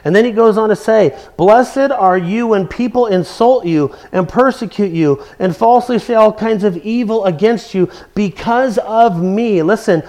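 A man preaching an expository sermon, emphatic, slowing down and stretching key words and repeating phrases for weight. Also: sits high, a little mellow.

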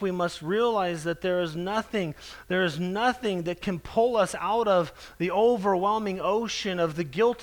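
A man with a high voice delivers a sermon earnestly and emphatically. He presses his points and slows down to lean on the scripture he quotes. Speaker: preacher.

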